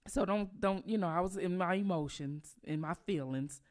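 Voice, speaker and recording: A woman's voice: on the low side, normal speed, darkish tone. A woman from Detroit with a Detroit accent, hosting casual commentary, emphatic and outraged, repeating herself for effect. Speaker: commentary channel host.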